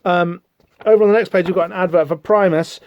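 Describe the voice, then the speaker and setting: A man's voice: high voice, fairly even intonation, fast talker, darkish tone. A man hosting a podcast, chatting casually through a comic book with rambling, wry asides. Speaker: podcast host.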